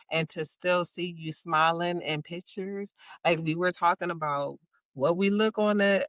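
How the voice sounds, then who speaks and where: Bright, expressive woman hosting a chat. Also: fairly low pitch, normal speed, dry recording. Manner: warm, encouraging, expressive storyteller. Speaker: podcast host. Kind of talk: casual chat.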